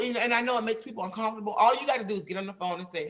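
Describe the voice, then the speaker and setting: A woman's voice: on the high side, rapid-fire, few pauses, a bit bright. A woman on a video call giving emphatic, plain-spoken advice as a panelist in an online discussion.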